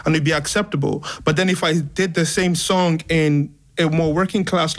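A man from Nigeria speaks as a guest poet and musician, in a slightly high voice. He answers casually and laughs easily, dropping in "like" as he thinks aloud. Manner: laughs often, says "like" a lot.

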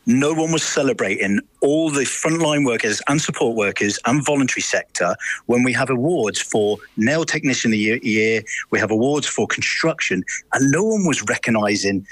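A man's voice: medium pitch, expressive, moderate pace, fairly bright tone, rough recording. A man speaking as a radio interview guest by phone, earnest and emphatic, often restarting his sentences. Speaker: guest, awards co-founder. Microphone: phone line.

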